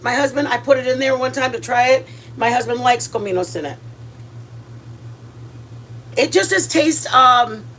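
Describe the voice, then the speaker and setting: A woman chats her way through a home cooking video in a fairly high voice, rambling with plenty of fillers and restarts and slipping in Spanish words. She talks from her kitchen. A faint background noise sits under her voice. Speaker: cooking vlog host. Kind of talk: casual cooking chat.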